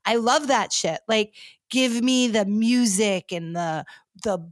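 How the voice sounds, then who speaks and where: A woman's voice: a little high, slow pace, no room sound, studio quality. A woman hosting a podcast, ranting animatedly in casual chat with lots of filler words. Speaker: podcast host.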